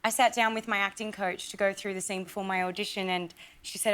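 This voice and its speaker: A woman with an Australian accent, telling lively stories and chatting as a guest on talk shows. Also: medium pitch, quick pace. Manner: lively storyteller, acts out quoted voices.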